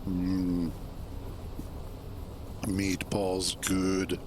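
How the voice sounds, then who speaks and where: A man streaming a game, chatting in a relaxed, rambling way and chuckling to himself as he plays. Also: deep voice, very slow, background noise. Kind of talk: casual gameplay commentary.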